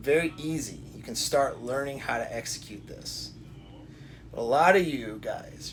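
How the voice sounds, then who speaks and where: A self-help coach with a middle-pitched male voice gives direct-to-camera advice as a monologue addressed straight to the listener. He speaks deliberately, circling back to repeat points and frequently restarting sentences, over a faint hiss in the recording.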